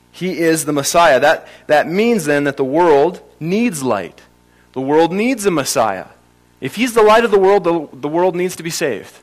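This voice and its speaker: A man preaching a sermon, stressing key phrases and slowing down to drive points home. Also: a little high. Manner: emphatic, varies pace for stress, slows on key phrases.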